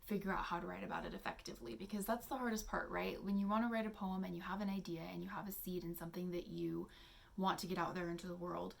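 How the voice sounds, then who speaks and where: A young adult woman hosting a casual teaching vlog, soft-spoken and chatty, with many fillers as she explains poetry exercises. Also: on the low side, fairly even intonation, fast talker, vocal fry. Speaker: poetry channel host.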